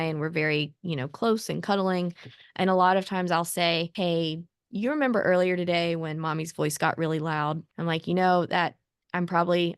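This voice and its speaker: A woman in her thirties, a therapist co-host, giving calm, reassuring parenting advice in a conversational way. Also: on the low side, gravelly, no room sound, clean studio sound.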